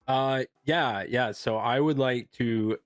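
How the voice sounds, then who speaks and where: Slow, giggly tabletop player. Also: medium pitch, no echo, studio quality, soft background music. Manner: giggly, laughs often. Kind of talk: casual tabletop play.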